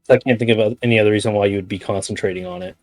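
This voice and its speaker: A man's voice: fairly low pitch, steady tone, rapid-fire, darkish tone, dry recording. A man playing a tabletop game, reading out the rules and joking about being the rules lawyer. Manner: reads out rules, self-deprecating. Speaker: player.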